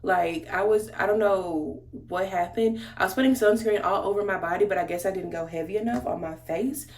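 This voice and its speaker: A woman's voice: mid-range voice, a little fast. A woman beauty vlogger telling a story in casual, slangy chat while she does her makeup, talking straight to her viewers. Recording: roomy echo.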